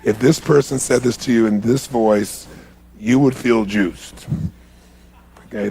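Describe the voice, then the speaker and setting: A man speaking as a motivational speaker at a live seminar, guiding an audience through exercises in an animated, coaxing way, with a gravelly voice. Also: mid-range voice, measured pace, slight background noise. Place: large hall with a live audience.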